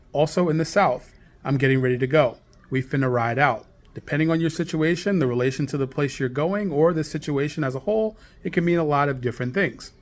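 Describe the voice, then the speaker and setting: A man hosting a history channel, explaining a topic clearly with spoken examples. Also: on the high side. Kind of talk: explanatory commentary.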